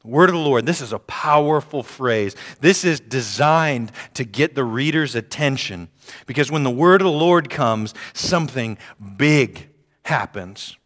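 A man's voice: medium pitch, expressive, a little slow, a bit bright. A man preaching a sermon, reading scripture aloud and repeating key phrases for emphasis. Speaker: pastor. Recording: long hall reverb.

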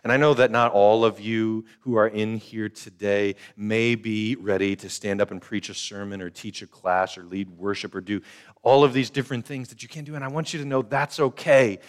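An older man preaching a sermon as pastor, conversational, repeating phrases and acting out the voices of the people in his story. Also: mid-range voice.

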